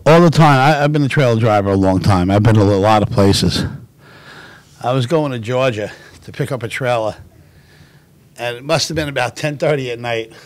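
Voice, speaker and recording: A middle-aged man hosting a livestream, telling stories in an animated, laughing way. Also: mid-range voice, normal speed, no echo. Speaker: show host. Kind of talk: casual storytelling on a livestream.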